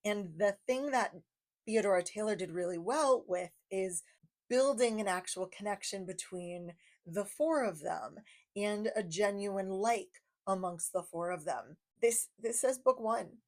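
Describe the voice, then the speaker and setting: A woman's voice: medium pitch, a little slow, a little mellow. A young adult woman giving a casual book review, chatty and enthusiastic, repeating phrases for emphasis.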